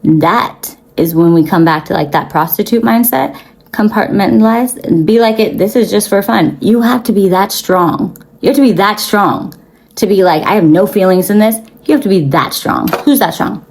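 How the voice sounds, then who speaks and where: A woman's voice: mid-range voice, expressive, normal speed, vocal fry, husky, low-quality recording. A young woman giving blunt, profane spiritual advice to her viewers, talking casually with lots of fillers. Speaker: spiritual reader.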